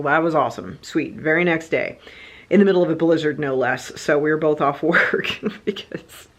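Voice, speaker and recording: A woman vlogger telling a personal story in a chatty, animated way, full of fillers and quoted back-and-forth. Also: on the low side. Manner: chatty, animated, lots of fillers like "like" and "you know". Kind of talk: casual storytelling vlog.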